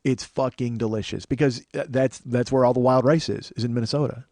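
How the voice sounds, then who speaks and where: A man's voice: mid-range voice, steady tone, a little fast, darkish tone, dry recording. A man in his forties from Chicago, a podcast host riffing through a sarcastic, profane comedic monologue in a small studio.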